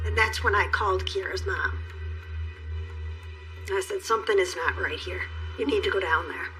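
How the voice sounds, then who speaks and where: A middle-aged woman giving a documentary interview, retelling events in a steady, somber way. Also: medium pitch, moderate pace, faint music behind, rough recording. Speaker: interviewee, mother of the accused.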